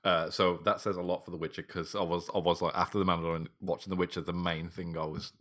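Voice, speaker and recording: A man with a low, deep voice, talking loosely as a podcast co-host. He swears freely, laughs often and wanders off on tangents. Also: flat delivery, fast, a bit bright. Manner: sweary, laughs a lot, rambling. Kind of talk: casual chat.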